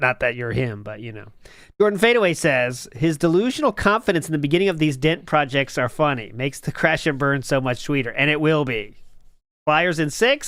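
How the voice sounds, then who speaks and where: A man's voice: fairly high pitch, a bit bright, dry recording, clean studio sound. A man hosting a livestream, reading out chat messages with sarcastic, teasing remarks. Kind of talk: casual chat.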